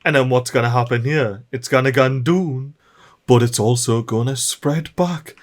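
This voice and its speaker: A young man commentating a strategy game, animated and frantic, often shouting at his in-game workers. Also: medium pitch, normal speed. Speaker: gameplay commentator. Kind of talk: let's play commentary.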